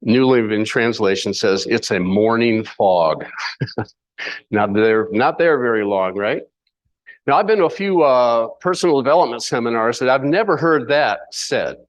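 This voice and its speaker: A man's voice: medium pitch, animated, normal speed. A man teaching a sermon in a conversational way, with playful asides and rhetorical questions. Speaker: Bible teacher.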